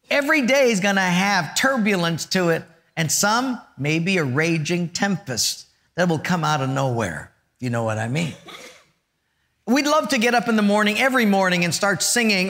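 Male pastor, lively sermon, high and expressive, joking, hushes for weight. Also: moderate pace. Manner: animated, joking, dramatic drops to a hush.

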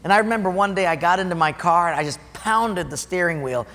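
Bright, high-voiced man preaching in a hall. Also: fast. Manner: animated storytelling, acts out dialogue. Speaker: pastor. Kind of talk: sermon. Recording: long hall reverb.

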